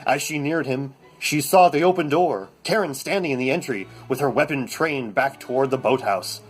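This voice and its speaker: A man hosting a comedy bit, reading a novel aloud in mock-serious deadpan, rambling and stammering through his asides. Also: mid-range voice, moderate pace, husky. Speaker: comedy host.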